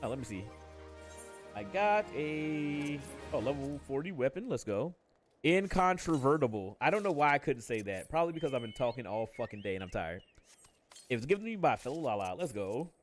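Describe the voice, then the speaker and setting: A man's voice: medium pitch, big pitch swings, a little fast, soft background music. A man chatting casually on a gaming stream, joking and swearing freely as he plays. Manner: joking, swears freely, reads game dialogue aloud.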